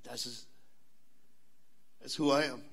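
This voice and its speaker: A man's voice: mid-range voice, slow, gravelly, husky. A man from the American South with a Southern accent, giving a live motivational speech to students at a school assembly and calling out questions to the crowd. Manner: animated, engages the crowd with call-outs and questions. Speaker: motivational speaker.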